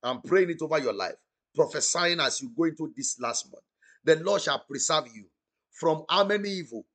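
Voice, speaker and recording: On the high side and a bit bright, this man's animated voice moves at a normal speed. He is a male pastor offering fervent prophetic prayer on an online broadcast, repeating and chanting declarations, speaking in tongues, and commanding his listeners to respond.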